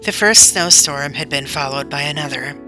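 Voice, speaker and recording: A woman narrating a children's book in a clear, measured reading. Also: deep voice, over music, low-quality recording. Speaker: audiobook reader. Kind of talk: storybook narration.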